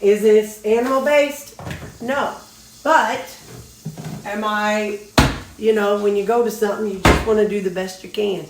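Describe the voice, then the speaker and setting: A woman's voice: mid-range voice, steady tone, a little slow, long pauses, recorded from a distance, heavy background noise. A woman, chatting casually in a home kitchen as she cooks, folksy and talkative. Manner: chatty, folksy, talks while cooking. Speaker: weight-loss vlogger. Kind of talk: casual cooking vlog. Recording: echoey kitchen with faint sizzling.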